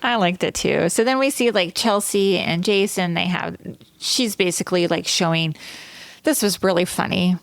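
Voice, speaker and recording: Chatty woman with a gravelly voice. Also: on the low side, dry recording. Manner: animated, chatty, quick laughs. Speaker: podcast co-host. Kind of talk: casual chat recapping a TV episode.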